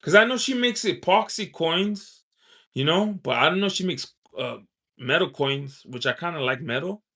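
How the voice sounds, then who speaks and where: A man's voice: fairly high pitch, expressive, moderate pace, bright, forceful tone. A man hosting a casual live stream, telling a story in a rambling way full of "you know" and "um", laughing often and reading out and answering viewer chat. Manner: laughs often while talking.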